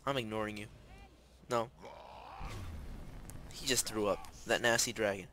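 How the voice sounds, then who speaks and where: A young man giving rambling, excitable commentary while playing a video game. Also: on the low side, measured pace, pauses often. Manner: chatty, rambling, excitable, shouts when startled. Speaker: gamer. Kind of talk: casual gameplay commentary.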